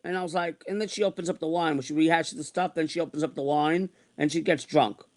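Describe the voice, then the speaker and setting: A man's voice: a little high, steady tone, quick pace. Exasperated ranting man in his sixties. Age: 60s. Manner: exasperated, repetitive, venting. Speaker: online streamer. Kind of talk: ranting monologue.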